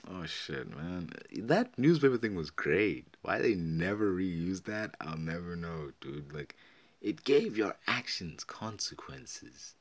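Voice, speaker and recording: A man hosting a solo podcast, rambling and swearing as he excitedly retells old video game memories. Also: sits low, a little slow. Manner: rambling, profane, excited storytelling. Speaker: podcast host. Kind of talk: casual solo podcast talk.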